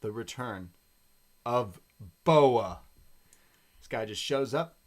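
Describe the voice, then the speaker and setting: A man co-hosting a wrestling podcast, recapping the show in casual chat with animated, excitable storytelling. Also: mid-range voice, measured pace.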